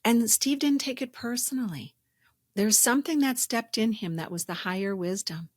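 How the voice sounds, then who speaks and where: A woman's voice: on the high side, moderate pace, dry recording. A woman hosting a spiritual self-help podcast, talking in an earnest, reflective way and telling stories. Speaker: podcast host.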